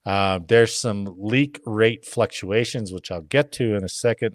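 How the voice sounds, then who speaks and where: A man's voice: fairly low pitch, unhurried, no echo, studio quality. A man hosting a casual podcast, reading news articles aloud and breaking off for joking asides. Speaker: podcast host.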